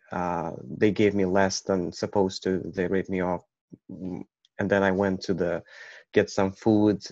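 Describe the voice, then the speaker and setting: A man from Ukraine telling a personal story in a halting way, with many restarts. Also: fairly low pitch, no room sound. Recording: dull, muffled recording.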